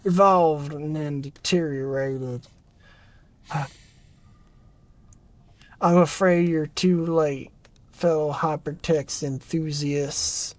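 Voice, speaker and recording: A performer reading a narrative game aloud, voicing a gloomy aging scientist in a hushed, low, drawn-out way. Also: steady tone, no room sound, close to an everyday voice. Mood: mournful. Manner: mournful, brooding, dwells on loss. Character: gloomy aging scientist who calls himself a king. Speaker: game character voice.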